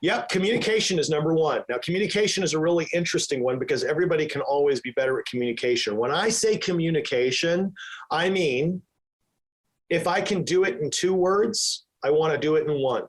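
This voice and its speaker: A man's voice: fairly high pitch, animated, fairly quick. A man answering podcast interview questions with emphatic energy, sometimes acting out his own inner voice. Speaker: real estate team leader, podcast guest.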